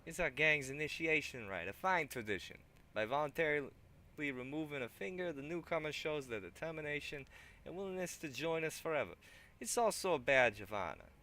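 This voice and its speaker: A man's voice: a little high, expressive, a little fast, bright, forceful tone, voice pushed up. A man voicing a big, pockmarked male gang leader from a video game, brash and boastful, with a put-on accent that keeps drifting. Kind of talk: reading game dialogue aloud.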